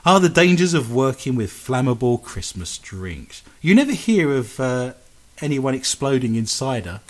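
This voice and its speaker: On a radio show, a man with a very animated, mid-range voice at a moderate pace trades cheeky, bawdy jokes with his co-host. He laughs at his own lines throughout the comic banter.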